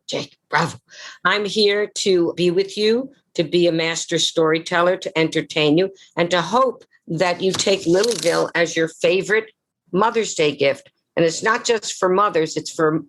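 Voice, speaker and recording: A woman's voice: on the low side, measured pace, a bit bright. An older woman, an actress, telling dramatic stories as a guest at a live interview event. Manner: theatrical, dramatic storyteller. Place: live event before an audience.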